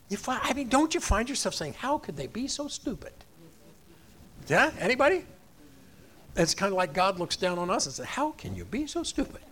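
A man preaching a sermon in an animated way, acting out the voices of the people in the story. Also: high-pitched, a little hiss or hum. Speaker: pastor.

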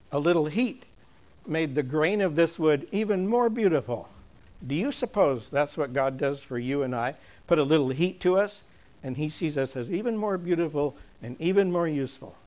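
An older man giving a chatty, storytelling object lesson to a church congregation, chuckling often and going soft and slow when earnest. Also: a little high.

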